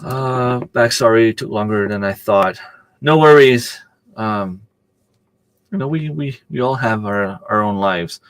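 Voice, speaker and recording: A man chats loosely on a live stream, rambling from one story to the next and replying to viewers' comments. His voice sits a little low, and the sound is close and dry with almost no room around it. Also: unhurried, no echo. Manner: rambling, chatty, answers viewer comments aloud. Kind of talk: casual live-stream chat.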